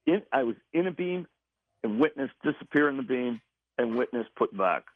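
A man telling a personal story in a casual interview, halting and repeating words as he goes. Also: mid-range voice, animated, no room sound. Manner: halting, repeats words, laughs between phrases. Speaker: guest recounting an experience. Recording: tinny phone line.

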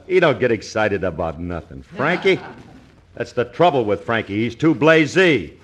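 A man's voice: mid-range voice, big pitch swings, moderate pace. A man acting as a brash, slangy, wisecracking bandleader in 1940s radio comedy, on a scratchy old recording.

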